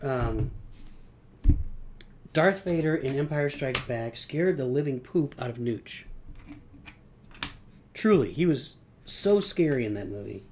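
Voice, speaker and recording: A man's voice: medium pitch, animated, takes it slowly, pauses often, darkish tone, a little hiss or hum. A middle-aged man streaming live, chatting casually as he builds and referring to himself in the third person. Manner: rambling, talks about himself in third person.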